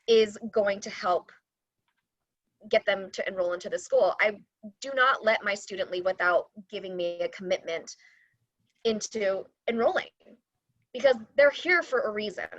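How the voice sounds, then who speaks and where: A woman's voice: mid-range voice, no echo. Woman explaining earnestly on a dull call line. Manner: earnest, steady explanation with fillers. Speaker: admissions coordinator. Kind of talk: panel discussion answer.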